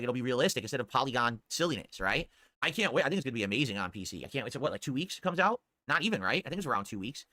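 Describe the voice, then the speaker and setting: A man's voice: mid-range voice, bright, forceful tone, no echo, studio quality. A man streaming live, chatting casually and answering viewer tips in a rambling way that repeats itself. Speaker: livestreamer.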